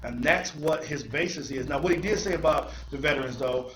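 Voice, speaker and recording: A man's voice: fairly high pitch, brisk, fairly bright tone, slight background noise. A man hosting a podcast in casual chat, earnest and emphatic, building his argument point by point. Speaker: podcast host. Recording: echoey room.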